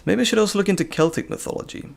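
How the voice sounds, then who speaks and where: ざらついた声の男性配信者. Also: male voice, high-pitched, racing, creaky. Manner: relaxed, rambling, chuckling. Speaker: host. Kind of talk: casual live stream chat.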